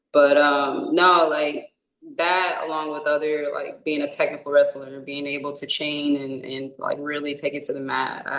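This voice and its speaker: A woman's voice: very deep voice, a bit bright, echoey room, poor audio. A young woman from California, a wrestler, answering interview questions casually and rambling with many fillers and restarts. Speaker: indie wrestler.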